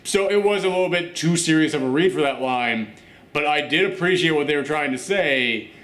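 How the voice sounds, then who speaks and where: A man hosting a casual reaction show, talking in an animated, chatty way with lots of fillers. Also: fairly high pitch, a little fast, reverberant. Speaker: host.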